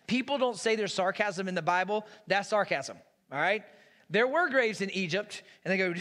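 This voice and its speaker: A man preaching a laid-back, storytelling sermon with a notably high voice. His words ring through a church sanctuary with a long hall reverb. He keeps the tone conversational and plainspoken. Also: expressive, normal speed, bright, forceful tone. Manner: casual, storytelling. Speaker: pastor.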